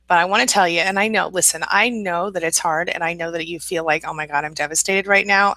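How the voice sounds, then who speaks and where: A woman from the American Midwest hosting a casual live stream, reading viewer comments aloud and answering them in a warm, reassuring, chatty way with fillers and repeats. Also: deep voice, no room sound, rough recording.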